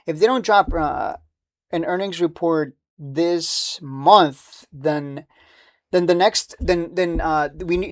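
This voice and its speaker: A man with a slightly raised voice talks in a loose, foul-mouthed ramble on a live stream. He brushes worries off with blunt dismissals and keeps restarting his sentences. The sound is dry and close, with no room echo. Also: high voice. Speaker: stock market streamer. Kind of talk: casual live-stream commentary.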